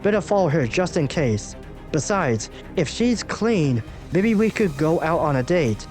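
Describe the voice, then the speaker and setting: A man's voice: a little high, big pitch swings, unhurried, a little mellow, faint music behind. A man reading out a comic, voicing a young male superhero's joking, chatty inner thoughts. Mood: upbeat.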